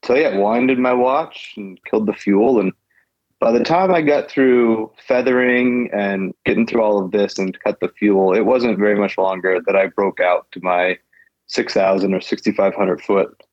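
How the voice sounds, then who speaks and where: A man's voice: on the low side, normal speed, dry recording, dull audio. A man, a guest pilot, telling his story in a loose, casual way, repeating phrases and laughing now and then.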